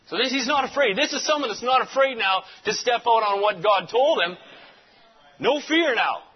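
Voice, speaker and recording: A male preacher telling a story in a sermon, animated and punctuated with amens. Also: very high-pitched, normal speed, slightly rough, dull audio. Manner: animated storyteller, repeats amen.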